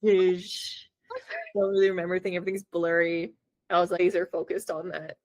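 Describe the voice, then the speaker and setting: Podcast co-host, woman, lowish voice, dry close sound, chatty storyteller who acts out her reactions. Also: level tone, normal speed, a little mellow, no room sound. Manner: chatty, lots of "like" fillers. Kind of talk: casual storytelling.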